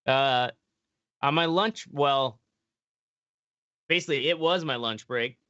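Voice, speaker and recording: A man's voice: medium pitch, slow, bright, forceful tone, smooth, dry recording, highs cut off. A man hosting a podcast, ranting in a rambling, profane way in casual chat. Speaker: podcast host.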